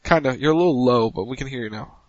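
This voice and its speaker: A man's voice: mid-range voice, fast talker, no echo, highs cut off. A man hosting a casual wrestling talk show over internet radio, loose and joking, often repeating himself. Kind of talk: casual chat.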